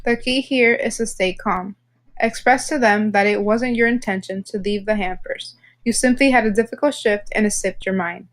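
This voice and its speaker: A woman narrating a healthcare training lesson in a calm, measured, explanatory way. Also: medium pitch. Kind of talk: scripted instructional narration.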